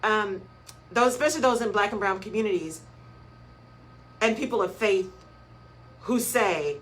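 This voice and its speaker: A woman's voice: a little high, expressive, moderate pace, pauses often, a bit bright, soft background music, poor audio. Emphatic woman hosting live radio talk. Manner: emphatic, repeats key phrases like a preacher; greets listeners by name mid-talk. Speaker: radio show host.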